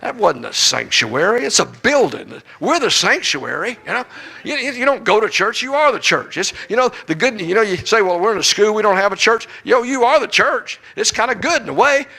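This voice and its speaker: A man's voice: sits high, vocal fry, pushed and bright, breathy edge, rough recording. A middle-aged man preaching to a church, telling folksy, joking stories. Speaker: guest preacher. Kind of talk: humorous sermon storytelling.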